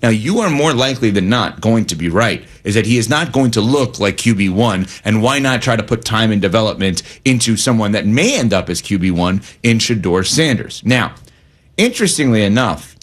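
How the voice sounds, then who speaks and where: A man's voice: on the low side, lively intonation, moderate pace. A man hosting a sports radio talk show, reading ad copy and trading takes on football with his co-hosts.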